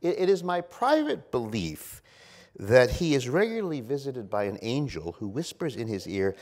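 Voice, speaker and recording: A man's voice: mid-range voice, sing-song, moderate pace, darkish tone. A man hosting a live event, introducing a guest to an audience in a playful, wry way. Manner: playful, wry, storytelling delivery.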